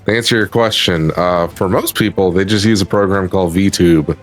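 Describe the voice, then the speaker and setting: Man, very deep voice, matter-of-fact, casual explainer, faint background music. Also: moderate pace. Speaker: guest on a stream. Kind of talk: casual chat.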